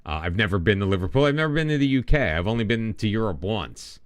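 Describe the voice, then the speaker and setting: Rambling man, lively low voice. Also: fast talker, no room sound, studio quality. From United States. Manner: rambling and self-deprecating, with many restarts. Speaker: game streamer. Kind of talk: casual live-stream chat.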